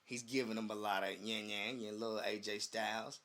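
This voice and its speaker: Male podcast co-host, bright tone, lively casual storyteller who acts out quotes. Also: on the low side, brisk. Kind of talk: casual chat.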